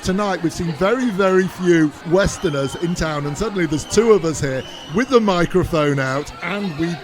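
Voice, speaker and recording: A man co-hosting a travel video, describing sights and teasing his partner. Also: sits high. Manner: teasing, wisecracking. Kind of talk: travel vlog banter and description.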